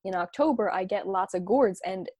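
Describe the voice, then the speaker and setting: A woman's voice: medium pitch, normal speed, darkish tone, no echo. A young woman from Long Island, chatting casually and playfully, laughing often and full of slang. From Long Island, New York. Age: young adult. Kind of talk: casual chat.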